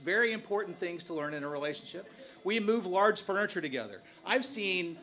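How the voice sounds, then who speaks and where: A man's voice: high-pitched, expressive, a little fast, bright, forceful tone. A man telling a personal story on stage to a live audience, with wry, self-deprecating humor.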